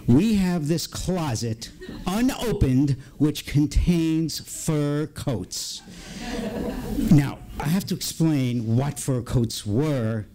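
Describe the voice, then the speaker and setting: An older man telling a personal story on stage at a story slam, with dramatic pauses and acted-out dialogue. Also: on the high side, expressive, dark tone.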